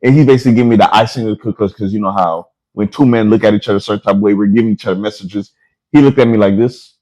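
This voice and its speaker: A podcast host tells a story in casual chat, animatedly acting out the people in it. His voice is fairly low and he's racing, on a rough recording.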